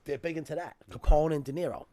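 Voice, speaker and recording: A man's voice: on the high side, fairly even intonation, quick pace, warm tone. A man telling a story in casual podcast chat, emphatic and profane in a street style.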